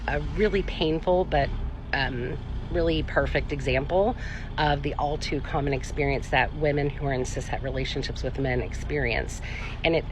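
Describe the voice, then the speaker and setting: A woman giving a measured commentary on a social video, explaining in steady terms with the occasional um. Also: sits low, noisy background.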